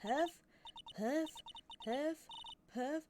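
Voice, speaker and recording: A woman's voice: medium pitch, normal speed, noisy background, natural voice. A woman voicing a cranky, violent old woman with a put-on Boston accent, huffing and out of breath. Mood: winded, cranky. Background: game music.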